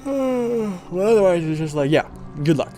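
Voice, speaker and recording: A man's voice: sits high, expressive, unhurried, dark tone, faint music behind. A man casually commentating a game livestream, joking and sarcastic, rambling with lots of fillers, sleepy and yawning. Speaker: gaming livestreamer.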